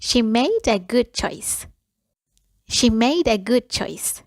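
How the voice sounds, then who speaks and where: Woman, English lesson, fairly high voice, slow deliberate repetition, dry close sound. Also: expressive, dry recording. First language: Persian. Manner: repeats English phrases slowly and deliberately after quick explanations. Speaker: English teacher. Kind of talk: language lesson.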